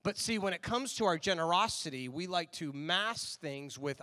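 A young man preaching a sermon, telling a story with animated energy and acting out both voices of an imagined conversation. His voice sits high and rings bright and forward. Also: normal speed, few pauses. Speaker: pastor.

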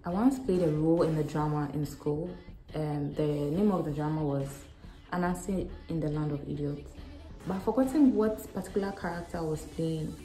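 A young woman from Ghana, answering questions in a casual vlog with a frank, animated, self-mocking manner. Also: low-pitched, moderate pace. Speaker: vlogger. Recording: echoey room with faint music.

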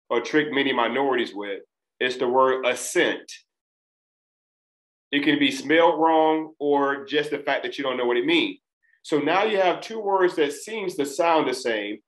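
Male test-prep tutor, mid-range pitch, easygoing classroom delivery. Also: poor audio. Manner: relaxed, conversational teaching with fillers. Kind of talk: casual spoken lesson.

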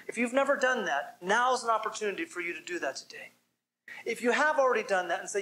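A man's voice: high-pitched, expressive, quick pace, sharp tone, slight background noise. A man giving a church sermon as pastor, preaching with emphasis and asking the listeners direct questions. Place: church service.

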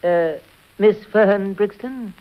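An actor playing a brisk quizmaster questioning panel guests in a 1940s radio comedy. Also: male voice, high-pitched. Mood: probing. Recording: dull 1940s radio broadcast.

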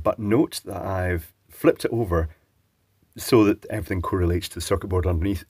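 A man's voice: sits low, darkish tone, breathy edge, dry recording, studio quality. A man presenting an electronics teardown, musing and chatting as he thinks aloud while working. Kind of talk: casual talk-through while taking apart a device.

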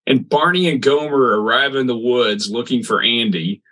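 A man casually recapping a sitcom episode on a podcast, rambling and halting with restarts. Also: medium pitch, pushed and bright, rough recording. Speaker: podcast co-host.

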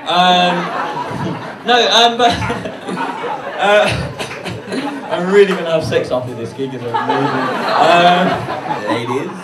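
A young London man with a high-pitched voice performs a cheeky, brash stand-up set with rapid asides, holding a handheld mic on a club stage. The recording is very noisy and echoey, picked up from afar, with loud crowd laughter.

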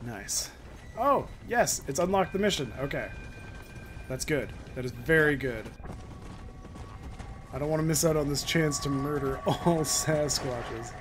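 A man's voice: on the high side, measured pace, pauses often, slight background noise. A man joking and laughing as he comments on his own gameplay. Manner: joking, giggly, excitable. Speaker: gaming YouTuber.

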